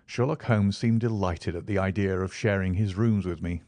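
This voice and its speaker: A man's voice: low-pitched, normal speed, warm tone, dry recording. A man reading a classic story aloud as narrator. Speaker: audiobook narrator. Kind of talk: scripted narration.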